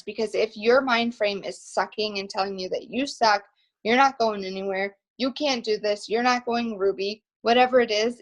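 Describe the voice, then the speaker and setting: A young woman hosting a motivational team video call, telling stories in an excited, emphatic, rambling way. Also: a little high, poor audio.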